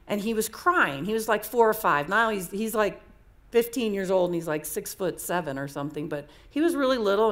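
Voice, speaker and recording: A woman's voice: mid-range voice, expressive, a little fast, fairly bright tone. A woman speaker telling personal stories to an audience in a candid, conversational way, often repeating herself. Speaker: coaching speaker. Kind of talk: storytelling talk to an audience.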